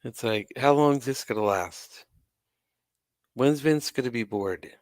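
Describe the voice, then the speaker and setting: On his own channel, a wrestling commentary host rants to camera with sarcasm and exasperation, swearing now and then. His voice sits in the mid range and moves at a measured pace. The recording is dry and studio-clean.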